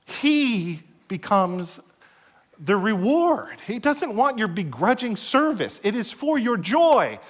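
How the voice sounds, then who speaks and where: A middle-aged pastor preaching a sermon, swinging between loud passages and hushed asides and acting out quoted voices. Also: male voice, sits high, sing-song, takes it slowly. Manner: acts out quoted voices in short skits.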